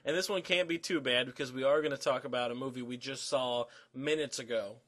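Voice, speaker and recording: A man's voice: medium pitch, a little fast, a bit bright. A man co-hosting a podcast, trading dry jokes in casual chat. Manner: joking, dry banter. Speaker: podcast co-host.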